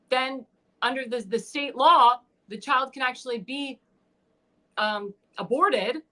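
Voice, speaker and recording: A woman hosts her own livestream show and speaks in an impassioned political commentary style. Her voice is high and bright. She stumbles now and then, with fillers and restarts. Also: measured pace. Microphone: home livestream mic.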